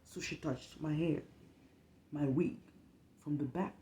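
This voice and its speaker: Animated, foul-mouthed woman telling stories. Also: low-pitched, takes it slowly, roomy sound, a little hiss or hum. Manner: animated, profane, acts out the people in her story. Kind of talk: casual storytelling.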